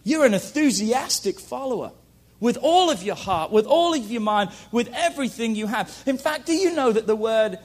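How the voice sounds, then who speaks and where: A man preaching a sermon to a congregation, who shifts from loud shouted calls to hushed storytelling and repeats lines for emphasis. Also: very high voice, lively intonation, moderate pace. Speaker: pastor.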